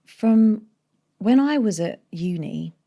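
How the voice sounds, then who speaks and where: A woman's voice: medium pitch, expressive, takes it slowly, gravelly, dark tone. A woman from North London with a neutral British accent and a light North London tinge, a voiceover artist chatting as an interview guest and explaining at length with restarts. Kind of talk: casual interview chat.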